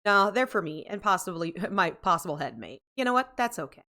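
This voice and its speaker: A woman's voice: lowish voice, big pitch swings, a little fast, bright, forceful tone. Sleepy rambling woman streamer. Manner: rambling, self-interrupting, chatty with chat readers, laughs often. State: sleepy, yawning. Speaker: game streamer. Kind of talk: casual livestream chat.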